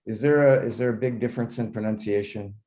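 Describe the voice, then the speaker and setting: A man student asking a question in class, hesitant and halting with fillers. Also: lowish voice, warm tone.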